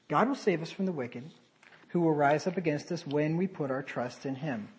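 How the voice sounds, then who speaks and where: A man preaching a sermon, animated, with sarcastic asides and sudden drops to a quieter voice. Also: a little high, normal speed, rough recording.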